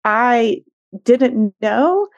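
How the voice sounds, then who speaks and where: A woman's voice: a little high, expressive, extremely slow, no echo, highs cut off. A middle-aged woman therapist, a guest on the show, telling a tender family story in an earnest conversational way. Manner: tender, earnest, acts out quoted voices.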